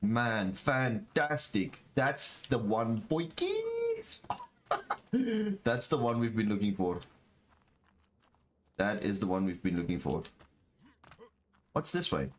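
A man streaming a game live, talking to his chat and exclaiming over what he finds, with low murmurs that jump to excited shouts. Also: slow pace, pauses often, a little hiss or hum. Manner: excitable, repeats phrases, talks to chat. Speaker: gaming streamer. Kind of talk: live gameplay commentary.

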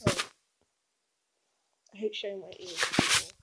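A woman's voice: medium pitch, steady tone, takes it slowly, vocal fry, heavy background noise. A teenage girl rambling through a doll review in her bedroom, hyper and giggly, filming one-handed on a handheld camera. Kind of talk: casual rambling vlog.

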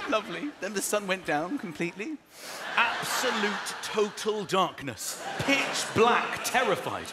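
Animated high-voiced male stand-up comic. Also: measured pace. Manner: animated, acts out scenes with voices and bird and animal noises. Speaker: stand-up comedian. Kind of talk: stand-up comedy routine. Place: large theatre stage. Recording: live theatre recording with audience noise. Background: audience laughter.

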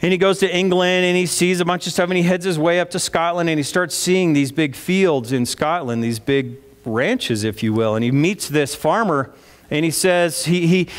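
Conversational pastor in a reverberant church. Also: male voice, a little high. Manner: conversational, asks the congregation questions. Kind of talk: sermon. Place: church sanctuary. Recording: long reverb of a church hall.

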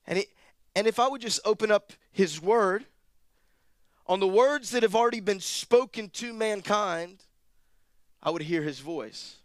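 A man preaching a sermon, his voice a touch high and clear. He moves from easygoing, joking asides to loud, rising exhortation. The sound is close and dry, with no room echo. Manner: animated preaching, rising to near-shouted emphasis, with quick asides. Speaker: pastor.

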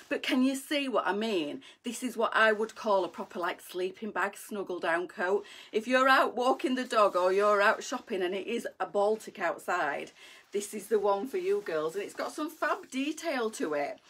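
A woman's voice: medium pitch, fairly bright tone, slightly rough. A middle-aged woman chatting bubbly to viewers as she models coats on a live shopping stream. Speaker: fashion boutique live seller. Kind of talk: live sales chat to viewers. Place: indoors, live video stream.

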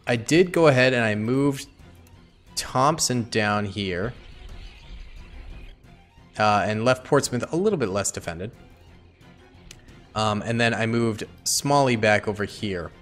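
A man's voice: on the low side, lively intonation, unhurried, long pauses, a bit bright, faint music behind. A young man giving casual gameplay commentary, chatting to himself and pleading with his units. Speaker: gaming YouTuber.

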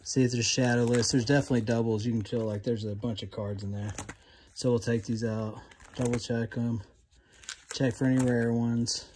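A man chatting casually as he digs through boxes of finds, rambling and easily excited, recorded on a phone. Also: medium pitch, normal speed. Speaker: vlogger digging through resale finds. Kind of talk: casual running commentary. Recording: phone recording with loud clicking and handling noise.

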